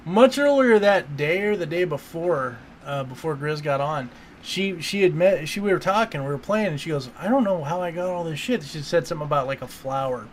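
High-pitched guy rambling about a survival game, cussing a lot. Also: fairly quick, few pauses, a little hiss or hum. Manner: animated storyteller who acts out quotes, swears freely. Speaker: gamer recounting a playthrough. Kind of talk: casual chat.

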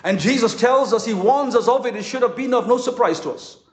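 A man preaching a conference sermon as a pastor, impassioned, with dramatic pauses. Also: very high-pitched, animated. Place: conference hall. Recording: echoey hall.

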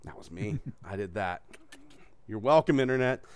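A man's voice: fairly low pitch, expressive, normal speed. A man hosting a casual podcast, joking, swearing and laughing often. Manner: profane, joking, laughs a lot. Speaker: host.

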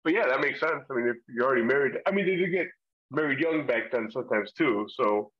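Talking fast in an expressive, mid-range voice, a man loosely leads a Bible study chat on a podcast, rambling slightly with fillers and an odd laugh. The sound is slightly muffled lo-fi.

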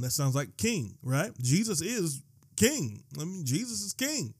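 A man preaching a sermon. His voice sits a bit high, and he drags quoted verses out slowly. He repeats key lines for emphasis. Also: sing-song, husky. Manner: dramatic pauses and slowed quotations, building to shouting; repeats and rereads phrases for emphasis.

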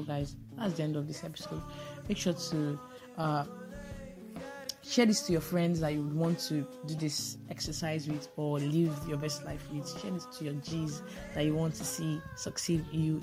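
A woman hosting a casual solo podcast voice note, chatty and playful with self-mocking asides. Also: low voice. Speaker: podcast host.

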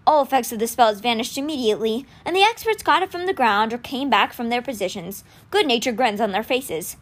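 Brief: a woman reading a novel aloud, expressive storytelling with a lively and slightly high pitch. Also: fairly quick. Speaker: audiobook reader.

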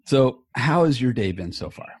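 A man's voice: mid-range voice, animated, moderate pace, darkish tone. A man hosting a podcast from a small home office, chatting loosely and casually with a guest and swearing now and then. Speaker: podcast host. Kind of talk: casual chat. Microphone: earbuds.

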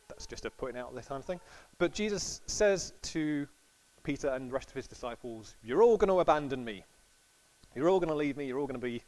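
A man's voice: mid-range voice, fairly bright tone, poor audio. A man giving a casual, chatty sermon to a congregation, acting out quotes with laughs. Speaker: preacher.

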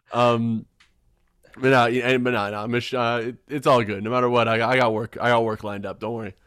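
A young man hosting a casual sports podcast, excitable and quick to laugh, often restarting his sentences. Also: mid-range voice, smooth, no echo. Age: young adult. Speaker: podcast host.

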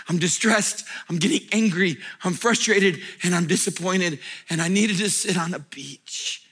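A middle-aged male pastor preaching a sermon in an emphatic, animated way, breaking into laughing asides. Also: high voice, slightly rough.

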